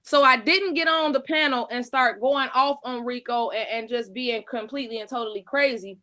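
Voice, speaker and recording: A woman's voice: a little high, normal speed, bright, forceful tone. A woman co-hosting a live stream, telling a story in a brash, profane, casual way.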